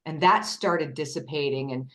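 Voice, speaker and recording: A woman with a fairly low speaking voice talks through her story in a loose, conversational way. She is chatty and laughs at herself, and she often restarts her sentences. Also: moderate pace. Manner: chatty, self-deprecating, acts out quotes. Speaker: guest sharing testimonial. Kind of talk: casual chat.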